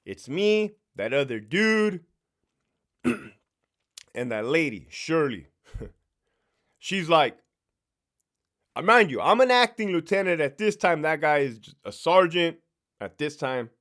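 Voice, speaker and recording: Profane, animated male storyteller. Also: a little high, slow, pauses often. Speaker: former prison sergeant telling stories. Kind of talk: casual storytelling monologue.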